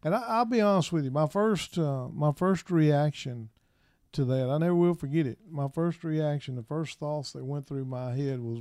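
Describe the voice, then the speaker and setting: A middle-aged man and minister, telling his personal story in an interview in a soft, halting way, with many pauses and restarts. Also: a little high, no room sound, clean studio sound.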